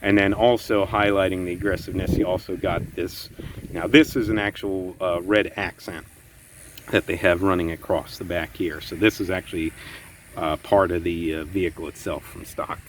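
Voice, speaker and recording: Easygoing man with a low voice. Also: moderate pace, slight background noise, poor audio. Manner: relaxed, enthusiastic, repeats words like "very, very". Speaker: car owner reviewing his car. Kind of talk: casual walkaround car review. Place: outdoors beside a parked car.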